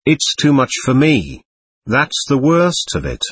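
A man reading aloud, voicing an anxious, effusive middle-aged aristocratic lady who talks rapidly and nervously. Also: mid-range voice, wildly swooping pitch, slightly rough, no room sound, exaggerated voice. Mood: gushing.

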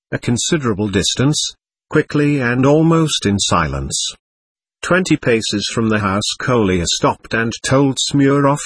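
A man narrating an audiobook in a steady storytelling voice. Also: mid-range voice, breathy edge. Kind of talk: scripted narration.

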